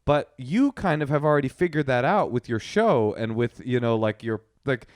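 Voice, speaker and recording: A man's voice: mid-range voice, lively intonation, moderate pace, darkish tone, no room sound, clean studio sound. A man co-hosting a podcast, talking in a laid-back, rambling way and laughing often. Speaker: podcast co-host. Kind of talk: casual podcast chat. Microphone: remote call.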